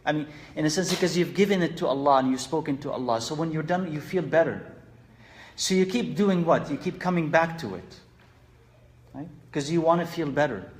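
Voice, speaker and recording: A man giving an earnest religious lesson, asking rhetorical questions and mixing Arabic phrases into his English. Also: a little high. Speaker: Islamic teacher.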